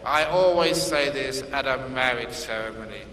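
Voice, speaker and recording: Man, monk teaching, storytelling with humor, bright voice, distant mic, long hall reverb, faint room noise. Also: mid-range voice, normal speed. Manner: humorous storytelling, laughing at his own jokes. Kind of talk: dharma talk. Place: Singapore, large hall. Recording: echoey hall from far off, faint ambience.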